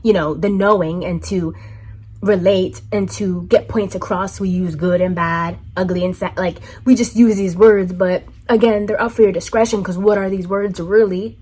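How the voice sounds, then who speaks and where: Woman vlogging, soft husky voice, heartfelt and earnest, keeps repeating lines to drive it home. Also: mid-range voice, fairly even intonation, moderate pace. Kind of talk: reflective personal monologue.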